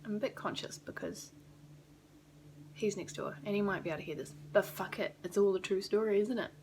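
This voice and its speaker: A young New Zealand woman talks straight to her camera in a loose, rambling vlog, tossing in the odd swear word. Her voice sits in a middle pitch. A faint hum hangs in the small apartment behind her. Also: a little fast, darkish tone. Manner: chatty, rambling, swears casually. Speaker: vlogger. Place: small rented apartment indoors.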